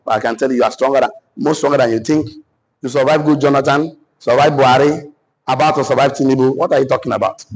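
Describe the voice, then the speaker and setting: Husky Nigerian man dictating slow lessons. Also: mid-range voice, darkish tone, rough recording. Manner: repeats phrases slowly for note-taking. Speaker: business coach. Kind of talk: dictated teaching session.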